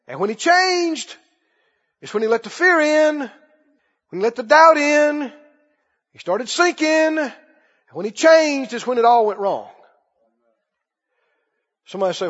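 A man's voice: very high voice, fairly bright tone. A man preaching a sermon, emphatic and repetitive, calling on the congregation to answer back. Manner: emphatic, repeats phrases, calls for congregation response. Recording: dull lo-fi with long hall reverb.

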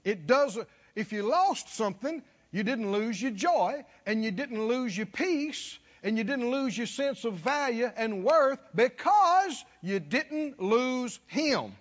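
A man's voice: very high-pitched, very animated, slow, hardly any pauses, long reverb tail. A man preaching a sermon, folksy and chuckling, calling out to his listeners to respond. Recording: dull lo-fi recording.

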